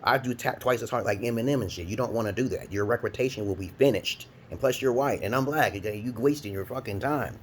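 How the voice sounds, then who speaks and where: A man from Brooklyn, New York, ranting in a profane, rambling vlog monologue, breaking into loud laughing high shouts. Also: fast, few pauses, slight background noise. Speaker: vlogger.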